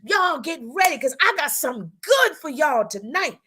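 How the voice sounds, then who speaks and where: A woman's voice: sits high, very animated, moderate pace, bright, forceful tone. A woman co-hosting a women's talk show, giving a preacherly motivational talk with speech, repeating her lines and acting out how people talk.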